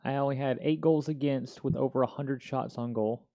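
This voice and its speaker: A man in his thirties spins a story on his casual talk show, loose and full of slang. His voice sits at an ordinary middle pitch, with a relaxed, chatty delivery. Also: moderate pace. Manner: slangy, animated, peppered with "dude" and "yo". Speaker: podcast host.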